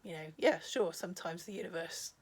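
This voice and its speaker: A woman retells old folk tales in a relaxed vlog. Her voice sits fairly low and she talks chattily, wandering into asides and pausing with ums. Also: slightly rough. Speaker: storyteller. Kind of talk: casual storytelling vlog.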